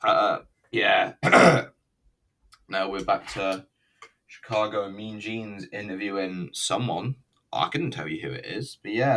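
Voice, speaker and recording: A man's voice: lowish voice, pushed and bright, a little hiss or hum. A man giving a rambling, sweary and sarcastic commentary while reviewing a wrestling show. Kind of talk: casual commentary over a recorded show.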